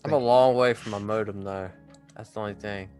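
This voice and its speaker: A man plays a tabletop game over an online call. He chats casually, with jokes and ready swearing. Soft music runs faintly behind. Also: fairly low pitch, fairly even intonation, a little fast. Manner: profane, joking. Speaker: player.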